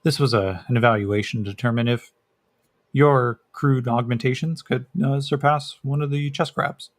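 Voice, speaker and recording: A man voicing a cold, intelligent primate scientist who speaks in a quick, clinical, condescending way. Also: mid-range voice, steady tone, dry recording, natural voice.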